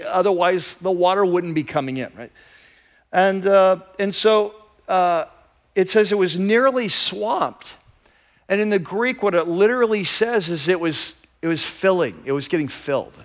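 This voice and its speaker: Male pastor, higher-pitched voice, casual enthusiastic sermon delivery with vivid storytelling. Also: a bit bright.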